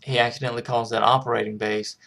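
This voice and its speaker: Gravelly, flat-voiced man recapping a film. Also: mid-range voice, quick pace. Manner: rambling, lots of restarts and "like". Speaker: film reviewer. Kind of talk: casual spoken film recap.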